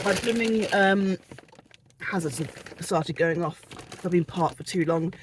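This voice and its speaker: A woman's voice: mid-range voice, slight background noise. Chatty self-mocking British woman. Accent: British English. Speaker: vlogger. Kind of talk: casual haul chat. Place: parked car.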